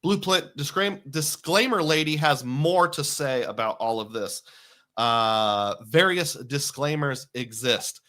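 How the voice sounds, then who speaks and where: A man's voice: mid-range voice, slow, bright, forceful tone. A man in his forties hosting a casual live stream, chatting, reading viewer comments aloud and laughing often. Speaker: livestream host.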